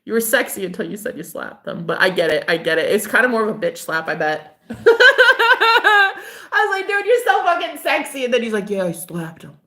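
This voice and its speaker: A woman's voice: lowish voice, fast talker. A young woman vlogging casually about her spiritual life, laughing and swearing as she talks. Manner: animated, swearing, laughing often. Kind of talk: casual monologue to camera.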